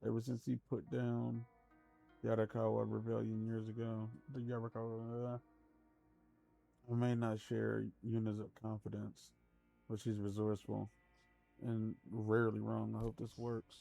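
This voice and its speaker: Grave samurai ally in a game cutscene, low voice, measured and solemn. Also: male voice, monotone, vocal fry, mellow, faint music behind. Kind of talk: video game cutscene dialogue.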